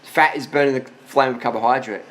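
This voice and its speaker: A man in his forties speaks in a casual question-and-answer monologue, blunt and full of swearing. He is tired after a long ride, and his pitch sits in an ordinary middle range. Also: steady tone, fairly quick, fairly bright tone. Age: 40s. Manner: blunt, profane and emphatic. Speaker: vlogger answering viewer questions.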